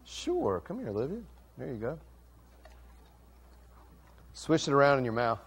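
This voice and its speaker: A man's voice: mid-range voice, wildly swooping pitch, measured pace, slightly rough. A middle-aged man, a pastor, giving a playful children's sermon and questioning the kids.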